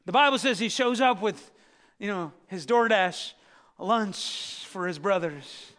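A man with a high, bright voice preaches to his congregation, telling Bible stories in an animated way. His words ring out with a long reverb that fills a large hall. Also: a little slow. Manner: animated storytelling, acting out biblical characters. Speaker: pastor. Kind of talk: sermon.

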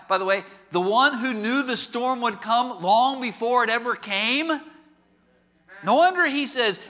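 Male preacher, sermon, animated storyteller, ringing tone with long hall echo. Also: high voice. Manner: animated storytelling with rhetorical questions. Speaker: pastor. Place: large auditorium.

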